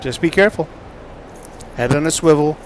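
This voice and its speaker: A middle-aged man vlogging on a subway train, talking candidly in a rambling monologue with joking asides. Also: moderate pace. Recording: loud rumbling train noise. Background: subway train and announcements.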